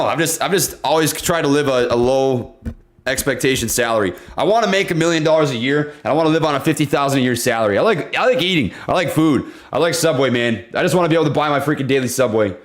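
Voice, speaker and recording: A man hosting a live stream about stocks, chatting casually and excitably with viewers and breaking down price charts. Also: mid-range voice. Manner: excitable, easygoing, laughs often, slangy. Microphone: desk condenser microphone.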